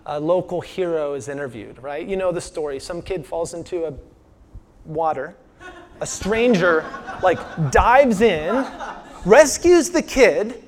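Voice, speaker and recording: Man, high-pitched voice, conversational sermon, rhetorical questions, softens for emphasis. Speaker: pastor.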